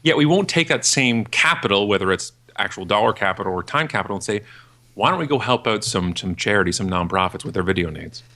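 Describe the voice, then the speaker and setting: A man in his forties, a podcast guest and keynote speaker, talking in a ranting, jokey way and acting out other people in a high voice. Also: animated, fast talker, pushed and bright. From Canada. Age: 40s. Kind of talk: animated podcast interview.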